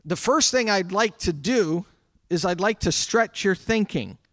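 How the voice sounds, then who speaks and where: A man's voice: sits high, animated, a little slow, fairly bright tone, no echo. A man preaching a sermon to his congregation in a conversational way, with asides to the people in the room. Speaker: pastor. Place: church sanctuary.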